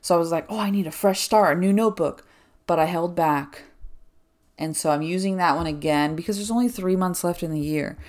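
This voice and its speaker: A young woman with a low voice talks through a casual solo podcast episode. She rambles in a chatty way, dropping "like" constantly, and sounds a little out of breath. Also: brisk, darkish tone. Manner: rambling, chatty, filler-heavy with frequent "like". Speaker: podcast host.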